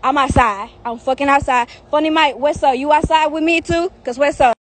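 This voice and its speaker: A woman's voice: high voice, fairly quick. A young woman on a phone live stream outdoors, ranting heatedly with lots of profanity and repetition. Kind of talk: angry live-stream rant. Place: outdoors in the heat.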